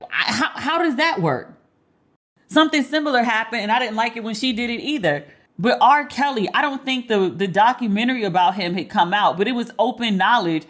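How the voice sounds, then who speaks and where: A middle-aged woman hosting a podcast, giving blunt, profane commentary and animated stories full of quoted dialogue. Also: a little high, a little fast. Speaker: podcast host. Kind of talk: candid solo commentary.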